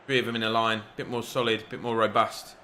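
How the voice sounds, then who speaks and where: Bright-voiced man calling a football game. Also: lowish voice, fast talker, slight background noise. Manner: excitable, shouts at the referee. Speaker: gaming YouTuber. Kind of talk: game commentary.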